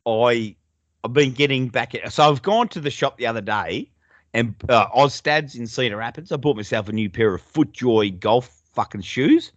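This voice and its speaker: A man's voice: medium pitch, moderate pace, dry recording, dull audio. A young adult man with an Australian accent, telling stories in a laid-back, sweary way as a podcast co-host. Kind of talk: casual chat.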